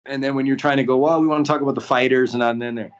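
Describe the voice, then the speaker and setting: A man talking as a podcast guest and documentary producer, telling stories in a casual, animated way and acting out quotes, with many "right?" tags. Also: medium pitch, rapid-fire. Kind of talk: casual storytelling. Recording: dull lo-fi audio.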